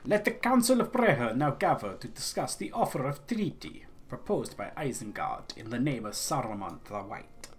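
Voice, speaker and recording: A man voicing a proud, wary tribal chieftain, reading game dialogue in a gruff, skeptical, weighty way. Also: medium pitch, very animated, moderate pace, hardly any pauses.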